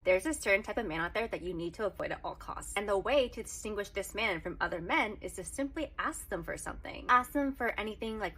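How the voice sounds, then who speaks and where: Chatty woman with a kinda husky voice, talks fast, earnest dating story. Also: mid-range voice, pushed and bright. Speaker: TikTok creator. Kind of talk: casual storytelling advice.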